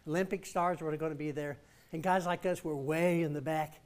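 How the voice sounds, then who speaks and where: A man's voice: a little high, steady tone, moderate pace. A man preaching in a church, telling a story and calling the congregation to respond with emphatic lines. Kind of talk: storytelling sermon.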